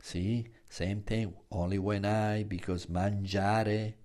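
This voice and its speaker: Male teacher, low voice, unhurried lecture delivery with stressed examples. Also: little pitch movement, a little mellow. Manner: slow and explanatory, stresses example words. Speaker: language teacher. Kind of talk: classroom lecture.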